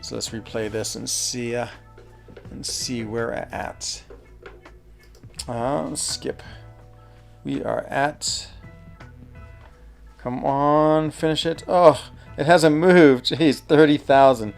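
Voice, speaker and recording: A man's voice: mid-range voice, slow pace, gravelly, long pauses, soft background music. A man chatting casually while streaming a mobile game, thinking aloud, answering chat and laughing easily. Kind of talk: casual live gameplay commentary.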